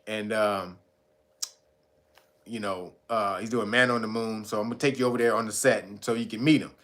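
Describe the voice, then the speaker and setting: A man's voice: on the low side, steady tone, normal speed, fairly bright tone. A man, hosting a casual stream, retelling a stand-up bit with laughs and put-on voices. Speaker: streamer host. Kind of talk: casual storytelling.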